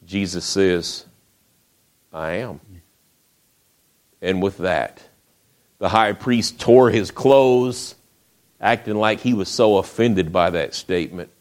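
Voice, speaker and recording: Low-voiced male preacher. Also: slow. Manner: folksy retelling with acted quotes and sudden drops to a hush. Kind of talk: storytelling sermon.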